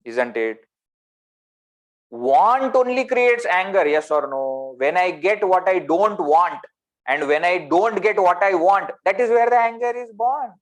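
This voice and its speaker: Animated Indian English spiritual teacher. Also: male voice, sits high, unhurried. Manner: animated, rhetorical questions, swings between loud and soft. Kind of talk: spiritual discourse. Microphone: video call.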